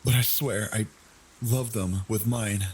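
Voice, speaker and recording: A man voicing a terrified, bleeding woman, crying out in a frantic, high-pitched voice. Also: fairly even intonation, takes it slowly, darkish tone, slight background noise. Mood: pleading.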